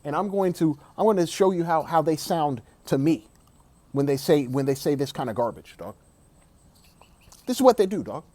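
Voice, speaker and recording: A man's voice: fairly high pitch, expressive, moderate pace, mellow, no echo. A man giving an emphatic, opinionated sports rant, repeating himself and saying "dog" often. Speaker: sports commentator.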